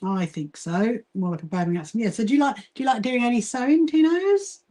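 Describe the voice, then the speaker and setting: A woman from Brighton, England, with a southern English accent, chatting casually on a livestream while she sews and greets viewers by name. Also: a little high, expressive, fast. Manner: chatty, reads and greets viewer comments, frequent fillers and laughs. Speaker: livestream host, quilting association founder.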